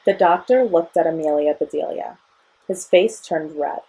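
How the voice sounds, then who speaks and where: A young woman in her early twenties reading a children's picture book aloud with clear, expressive storytelling. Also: sits low, moderate pace.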